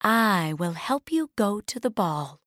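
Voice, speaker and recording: A woman's voice: mid-range voice, big pitch swings, slow, a bit bright, no room sound, studio quality. A woman voicing a wise, kind old woman who helps the heroine in a storybook. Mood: gentle.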